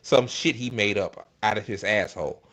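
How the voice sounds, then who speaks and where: A man's voice: lowish voice, moderate pace, a bit bright. A man hosting a casual political commentary stream, ranting in a profane, exasperated way. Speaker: host.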